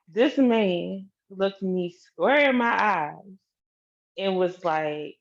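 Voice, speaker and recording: A woman's voice: mid-range voice, takes it slowly, dull audio. Candid woman telling her story. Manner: candid, swears freely, talks straight to the audience. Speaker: vlogger. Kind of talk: casual storytelling to viewers.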